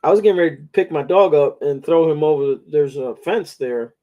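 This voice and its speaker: A man's voice: a little high, a little fast, warm tone, muffled recording. A man telling rambling stories in a casual chat, with coarse slang.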